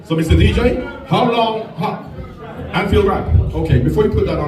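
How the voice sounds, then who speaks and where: A man's voice: sits high, moderate pace, crowd noise. A man from Jamaica, a guest speaker at a private evening, telling stories, joking and swearing, then rapping along to a song. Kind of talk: stage storytelling and rapping. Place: indoor venue at a private evening. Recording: roomy venue, distant mic, loud music.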